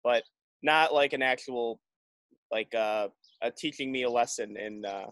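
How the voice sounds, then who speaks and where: This man's medium-pitched, slightly bright voice moves a little slowly as he chats casually as a podcast guest. His talk is loose and rambling, full of restarts and "like"s, and there's no echo.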